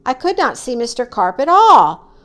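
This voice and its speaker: Animated woman reading a children's story. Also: normal speed. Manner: animated, acts out characters with high excited cries. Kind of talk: children's story read-aloud.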